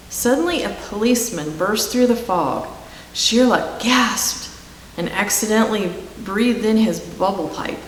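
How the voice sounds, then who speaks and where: A woman reading a children's picture book aloud in a slow, gentle storybook manner. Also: medium pitch, expressive. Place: church room. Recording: echoey hall with faint hiss.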